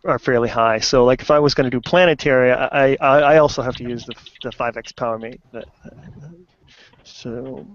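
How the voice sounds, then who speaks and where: A man's voice: mid-range voice, moderate pace, lo-fi sound. A man, an amateur astronomer guest, explaining his telescope setup on a live stream. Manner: explanatory, careful.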